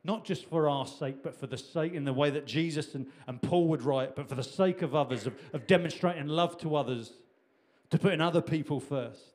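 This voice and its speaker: A man's voice: fairly high pitch, brisk, a little mellow. A middle-aged man preaching a sermon in a conversational way, with repetitions and restarts. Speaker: pastor.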